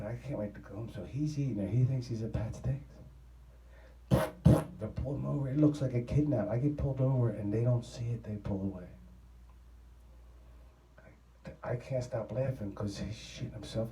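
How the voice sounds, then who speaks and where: A man's voice: fairly low pitch, normal speed, mellow, echoey room, recorded from a distance, slight background noise, rough recording. A man, rambling through a profane travel story in a casual, offhand way. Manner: profane, rambling, laughing at his own story.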